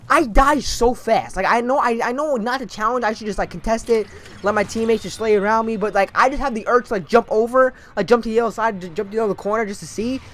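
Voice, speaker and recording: Young man, high voice, sarcastic gameplay commentary, swearing, animated outbursts. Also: slight background noise. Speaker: gaming commentator.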